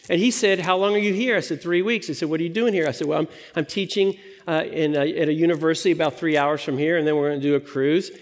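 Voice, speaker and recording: A man's voice: a little high, fairly even intonation, brisk, long reverb tail, slight background noise. A man from the United States preaching a sermon, telling a story and acting out the voices in it. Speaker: pastor.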